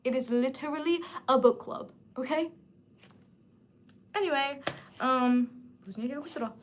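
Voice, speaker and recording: A woman in her twenties hosting a casual livestream book chat, animated and emphatic. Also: high voice, rapid-fire, a little hiss or hum. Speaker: livestream host.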